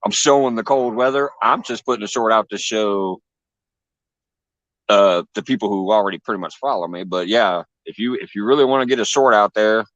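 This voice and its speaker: A man's voice: fairly low pitch, brisk, fairly bright tone, no echo, highs cut off. A man hosting a casual livestream chat, easygoing, laughing often and reading out viewers' names. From Illinois. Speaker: livestream host.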